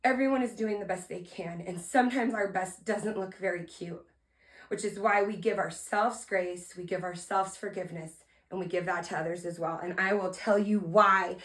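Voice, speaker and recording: A woman podcast host telling a story from her talk to students in an energetic motivational style, with sudden loud emphasis, soft earnest asides and direct questions to her listeners. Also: lowish voice, moderate pace. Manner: talks to listeners directly, asking them to respond.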